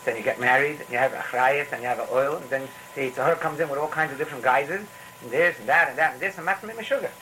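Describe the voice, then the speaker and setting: In a mid-range, sharp-toned voice, a man delivers a quick, rambling Torah talk told through stories, restarting repeatedly and sprinkling in Yiddish phrases. The audio is poor, with slight background noise.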